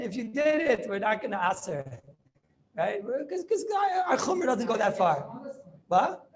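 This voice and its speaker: Animated male rabbi giving a halacha class. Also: high voice, fairly quick. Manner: animated, rhetorical questions, yeshiva English full of Hebrew terms. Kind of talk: Talmudic halacha lecture.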